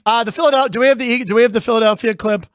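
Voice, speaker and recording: Man, show host, high voice, dry sound, jokey sports banter. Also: clean tone, dry recording. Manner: chatty, jokey, quick asides.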